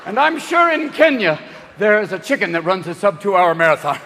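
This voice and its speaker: A man in his sixties doing a stand-up comedy routine on a theater stage, manic and profane, leaping into voices and shouted bursts. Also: high-pitched, very animated, brisk, noisy background. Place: theater stage with live audience. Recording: reverberant hall, live audience.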